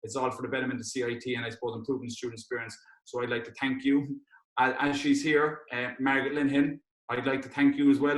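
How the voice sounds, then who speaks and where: Fast-talking young man, echoey room. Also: mid-range voice, flat delivery. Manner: heartfelt, rambling, many restarts and fillers. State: tearful. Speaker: students' union president hosting an awards event. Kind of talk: emotional thank-you speech on a video call.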